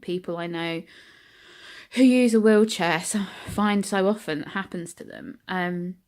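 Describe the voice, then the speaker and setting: A woman's voice: on the low side, a little slow, darkish tone. A British woman telling stories casually to her own camera as a vlogger, with frequent ums and likes. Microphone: camera she sets up herself.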